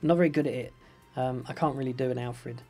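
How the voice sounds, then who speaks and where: A man's voice: mid-range voice, fairly even intonation, fast talker, darkish tone, faint music behind. A young man streaming a building game live, chatting playfully with viewers and reading out their questions. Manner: playful, upbeat, chatty, jokey. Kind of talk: live gameplay commentary, reading chat.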